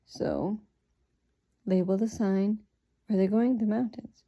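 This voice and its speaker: A sleepy woman reading a picture book aloud and explaining how to use it to prompt children, thinking aloud with fillers in a relaxed way. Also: mid-range voice, a little slow, lo-fi sound. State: sleepy, yawning.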